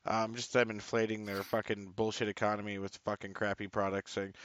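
A man co-hosting a podcast, trading crude, mocking, deadpan quips in casual banter. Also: fairly low pitch, fairly quick, dry recording. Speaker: podcast co-host. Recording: dry, dull lo-fi mic.

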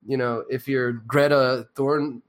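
A man's voice: mid-range voice, fairly even intonation, slow pace. A man co-hosting a podcast in casual, profane chat, rambling with many fillers and a sarcastic edge. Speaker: podcast co-host.

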